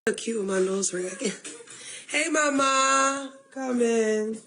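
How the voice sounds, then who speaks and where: A woman's voice: on the high side, slow pace, pushed and bright, a little hiss or hum. A woman on a livestream, rambling emotionally about family and talking straight to her viewers. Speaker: livestreamer in a played clip.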